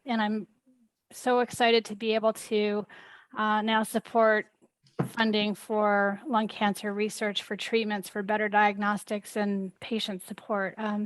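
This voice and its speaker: A woman's voice: medium pitch, no room sound. A woman introducing herself as a new team member on a video call, friendly and hesitant, with many fillers.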